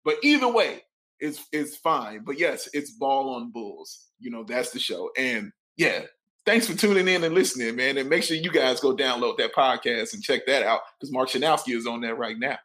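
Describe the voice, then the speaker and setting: Joking bright-voiced podcast co-host man. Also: mid-range voice, expressive, moderate pace. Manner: laid-back, joking, laughs a lot. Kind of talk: casual chat.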